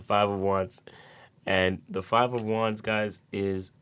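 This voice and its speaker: A man's voice: fairly low pitch, little pitch movement, slow, a bit bright, smooth. A man giving a casual tarot reading to his viewers, rambling with repeated words and many fillers. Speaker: tarot reader.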